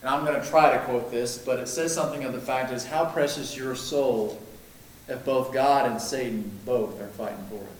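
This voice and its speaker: A man preaching a sermon, emphatic, swinging between loud declarations and hushed lines. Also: mid-range voice, normal speed, a little hiss or hum. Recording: very echoey room, mic at a distance.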